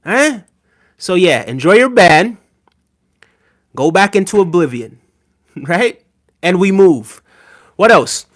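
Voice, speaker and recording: A man's voice: high-pitched, big pitch swings, takes it slowly, pauses often. A man hosting a podcast livestream, talking casually and teasingly to his chat, often tagging on "right?" and chuckling. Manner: conversational, teasing, frequent "right?" asides, chuckling. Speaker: podcast host reading live chat.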